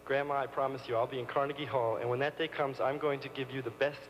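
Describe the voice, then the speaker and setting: A man's voice: mid-range voice, fairly even intonation, fast, muffled recording, a little hiss or hum. A man performing live on stage, coaxing the audience into a sing-along with a childlike manner. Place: large concert hall stage. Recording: live concert hall recording with long reverb.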